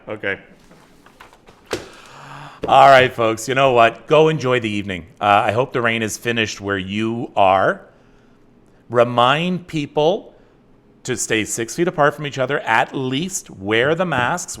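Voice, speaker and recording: Middle-aged male host, chatty and self-deprecating, lively swooping delivery. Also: fairly high pitch. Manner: animated, rambling, self-mocking, with frequent restarts. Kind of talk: casual livestream chat with viewers.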